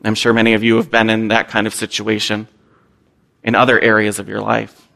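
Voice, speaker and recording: A man's voice: fairly low pitch, completely flat delivery, a little fast, gravelly, bright, forceful tone. A young man, a missionary, giving a candid and earnest personal testimony to a church, with some self-deprecating humor.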